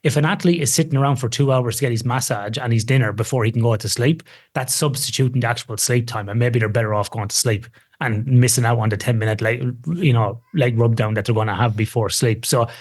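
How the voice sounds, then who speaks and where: An emphatic man in a relaxed podcast chat, talking with lively, animated energy. His voice sits in a middle pitch, and he leans hard on his points with a dash of self-deprecating humor. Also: quick pace, few pauses. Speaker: sleep researcher guest. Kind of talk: casual podcast conversation.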